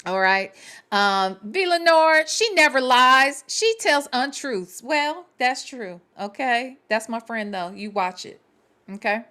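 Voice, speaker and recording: Woman host, blunt and profane, bright sharp tone, swooping expressive delivery. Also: fairly high pitch, takes it slowly. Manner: blunt and profane, talks straight to viewers. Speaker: show host. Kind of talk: casual livestream chat, reading viewer comments.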